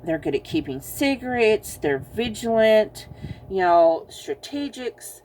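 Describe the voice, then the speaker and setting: Casting: woman tarot reader, unhurried and teasing, with soft room noise behind her. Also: medium pitch, big pitch swings. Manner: chatty and teasing, laughs often, addresses viewers as y'all. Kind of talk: casual pick-a-card tarot reading.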